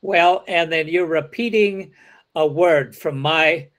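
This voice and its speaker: A man's voice: on the high side, slow, fairly bright tone. A man leading an interactive teacher-training lecture, calling on participants and acting out hesitant replies. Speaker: workshop lecturer.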